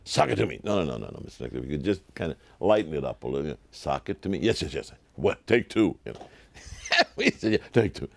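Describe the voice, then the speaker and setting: An older man, a television producer, telling lively anecdotes in an interview and acting out the voices of people he quotes. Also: a bass voice, fast, gravelly, no room sound. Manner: animated, acts out quoted voices.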